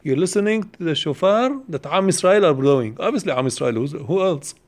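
Man, somewhat high voice, teaching a Torah lesson, questioning, repeats himself, fast Hebrew quotes. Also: expressive. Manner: questioning, explains step by step, repeats phrases; quotes Hebrew passages quickly.

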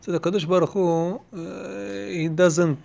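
Man explaining a Torah lesson, higher voice. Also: fairly even intonation, creaky, a little mellow. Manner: questioning, explains step by step, repeats phrases; quotes Hebrew passages quickly. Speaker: Torah teacher.

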